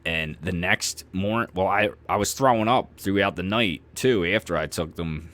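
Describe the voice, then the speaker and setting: A man with a low, deep voice talks through his own past as a podcast host. He speaks frankly and casually, swearing freely and slipping in dark humor. He is close on the mic. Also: moderate pace. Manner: candid, profane, conversational, with dark humor. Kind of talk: personal storytelling monologue.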